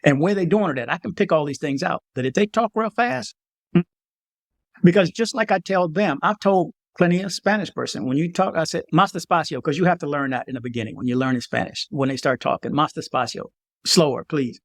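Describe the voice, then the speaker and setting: Man, casual vlog monologue, emphatic warnings, slightly high voice, dry close mic. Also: a little fast, vocal fry, no echo. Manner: emphatic, repeats warnings, animated asides. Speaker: travel vlogger.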